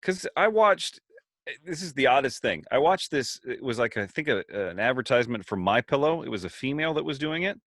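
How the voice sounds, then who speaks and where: Animated man co-hosting a podcast. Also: medium pitch, fairly quick, no room sound, studio quality. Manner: animated, mimics voices while telling stories. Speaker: podcast co-host. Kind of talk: casual chat.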